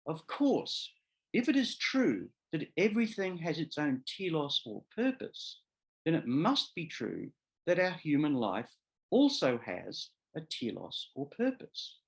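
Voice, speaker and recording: A man, a law professor, giving a measured academic seminar lecture that explains ideas step by step and sometimes corrects himself. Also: fairly high pitch, huge pitch swings, creaky, rough recording. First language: English. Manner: measured, explanatory, repeats key terms; occasional self-corrections.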